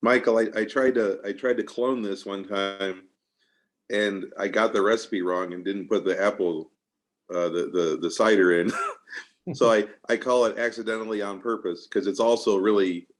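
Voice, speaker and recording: Low-voiced homebrewer guy, kinda halting, repeats himself. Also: fairly even intonation. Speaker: homebrewer in the club. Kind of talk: casual group chat.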